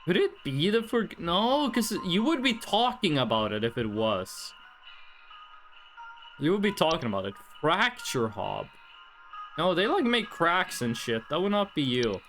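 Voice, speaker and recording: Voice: mid-range voice, fairly bright tone. A streamer casually talking through a game at home, thinking aloud and chatting with the audience.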